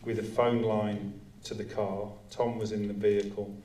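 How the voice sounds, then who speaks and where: Male director, measured Q&A talk; flat and low, distant in a roomy hall. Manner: measured, explanatory. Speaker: writer and director. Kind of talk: live audience Q&A. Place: cinema auditorium. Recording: roomy hall sound, voice from off-mic.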